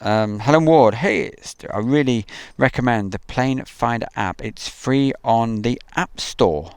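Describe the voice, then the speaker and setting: A man's voice: mid-range voice, measured pace, clear, resonant tone, no room sound. A man hosting a casual outdoor live stream, rambling chattily and reading viewer messages aloud. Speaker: livestream host. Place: outdoors at an airfield.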